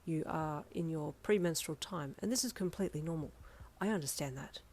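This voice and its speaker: In a fan fiction audio reading, a woman voices a caring teenage boy who talks in careful, formal phrases. He is polite and a little stiff, and his voice stays soft and steady. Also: low voice, fairly quick. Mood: gentle.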